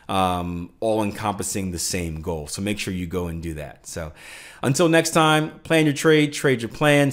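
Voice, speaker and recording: A man hosting a trading video, talking casually with frequent restarts and fillers in an upbeat, self-promoting way. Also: lowish voice. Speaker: forex trader and video host. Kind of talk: casual market commentary and sign-off.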